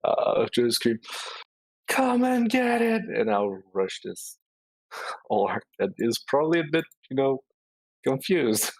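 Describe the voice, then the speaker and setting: Man, tabletop player, husky voice, lively swinging pitch, dry close mic. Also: slow pace, no room sound, rough recording. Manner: lively, asks rules questions, laughs easily. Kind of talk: casual chat at a tabletop game.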